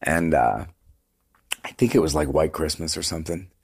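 A man, a singer, chatting casually in an interview, telling animated stories with plenty of "like" and "dude" and the odd swear word. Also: rumbling low, moderate pace, gravelly, slightly rough. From Canada. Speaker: guest singer.

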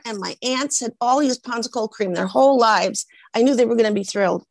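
A woman with a somewhat high voice tells stories in an interview, acting out everyone she quotes. The recording is dry and close, with no room sound. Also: quick pace, hardly any pauses, no room sound. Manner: animated, acts out the voices of people in her stories. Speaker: interviewee, actress. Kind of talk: anecdotal storytelling in an interview.

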